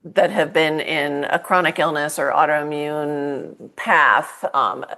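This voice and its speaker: A woman's voice: low voice, fairly even intonation, takes it slowly, sharp tone. A woman hosting a coaching podcast, talking thoughtfully with frequent restarts and the odd emphatic burst. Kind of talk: conversational interview.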